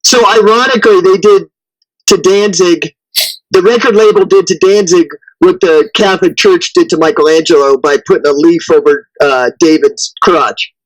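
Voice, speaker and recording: A man's voice: high-pitched, moderate pace, rough recording. A man co-hosting a podcast in casual chat, mostly giving short agreeing replies and dropping wry jokes now and then. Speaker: podcast co-host.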